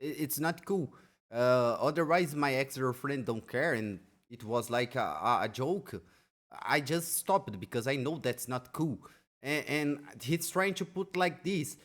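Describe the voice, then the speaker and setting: Excitable Brazilian man reacting. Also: mid-range voice, unhurried. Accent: Brazilian Portuguese. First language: Portuguese. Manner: excitable, stammering, repeats words, swears. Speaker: reaction streamer. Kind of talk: casual reaction commentary.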